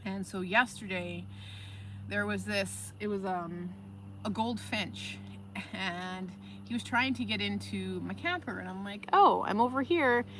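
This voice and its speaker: A woman talking casually on a live stream, her voice bright and forward. She tells her stories in an animated, chatty way and reads viewer comments aloud as she goes. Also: medium pitch, unhurried, a little hiss or hum. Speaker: livestream host.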